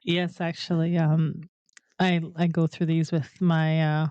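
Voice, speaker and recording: A woman who is a guest on a podcast, talking in an even, slightly hesitant way, with a dull, lo-fi sound. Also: low voice, a little slow, clear, resonant tone, no echo. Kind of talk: casual chat.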